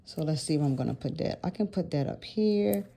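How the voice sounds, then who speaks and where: Low-voiced, mellow woman chatting while crafting. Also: lively intonation, fairly quick, creaky, a little hiss or hum. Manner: rambling, self-correcting, laughs often. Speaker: planner vlogger. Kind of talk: casual chatty vlog narration.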